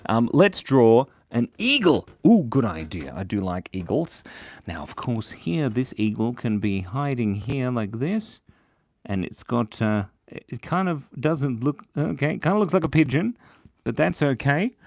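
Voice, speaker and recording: A man's voice: medium pitch, very animated, a little slow, a little mellow, dry recording, studio quality. A cheerful, chatty man hosting a live drawing stream, constantly thanking viewers, on a clip-on mic. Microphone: clip-on lapel mic.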